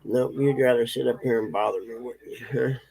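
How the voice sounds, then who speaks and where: A man's voice: mid-range voice, fairly even intonation, brisk, gravelly, a little mellow, breathy edge, poor audio. A man casually telling a story in a folksy way, chuckling often and talking fondly to his dog. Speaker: vlogger.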